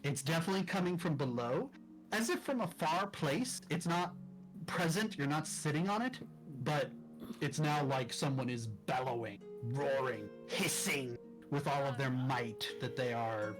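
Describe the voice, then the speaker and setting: Dm guy narrating the scene, medium voice, slow and careful, over a call mic. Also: medium pitch, expressive, over music, rough recording. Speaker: dungeon master. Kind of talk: narrating a tabletop game. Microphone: discord call mic.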